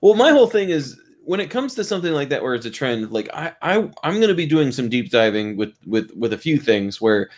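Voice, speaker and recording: A young man co-hosting a podcast and riffing playfully off his co-host. His pitch is mid-range but swings widely as he talks. He slips into quick acted-out voices to land a joke. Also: very animated. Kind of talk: casual podcast banter.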